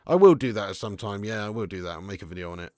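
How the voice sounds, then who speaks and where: A man's voice: on the low side, rapid-fire, darkish tone, no room sound, studio quality. A man hosting a casual live stream from his garage, reading viewer comments with laddish, swearing banter. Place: home garage studio.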